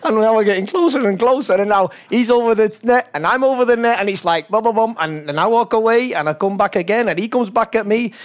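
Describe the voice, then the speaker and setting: A man's voice: sits high, fast, hardly any pauses. An older man from England, a football coach, telling stories in an interview, laughing often and acting out the voices of others. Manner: animated storyteller, laughs often, acts out voices. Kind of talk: talk-show interview.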